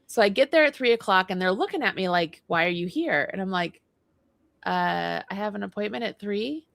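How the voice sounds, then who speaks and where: A woman's voice: mid-range voice, lively intonation, moderate pace, creaky, fairly bright tone, no echo. A woman co-hosting a casual livestream chat, animatedly telling a story and acting out both sides of it. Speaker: co-host. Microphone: livestream mic.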